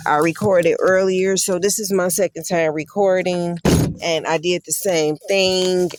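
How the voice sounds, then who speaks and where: A woman's voice: on the low side, background noise. A woman hosting a casual Bible study on her phone, irritated and repeating herself. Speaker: host of an online Bible study. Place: in her vehicle. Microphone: phone camera.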